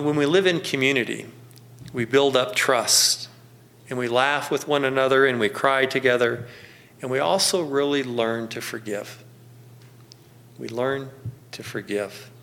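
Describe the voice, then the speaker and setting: Pastor guy preaching, mid pitched, homey storytelling, slows right down to land a point. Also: creaky, a bit bright. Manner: folksy storytelling, slows down for emphasis, chuckles often. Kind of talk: sermon.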